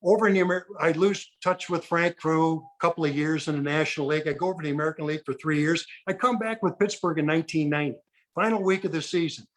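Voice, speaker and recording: A man's voice: fairly high pitch, fast talker. A man in his sixties, a retired ball player, telling anecdotes and acting out the people he quotes. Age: 60s. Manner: lively storyteller who acts out the people he quotes. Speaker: guest, retired baseball pitcher. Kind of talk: anecdotal storytelling.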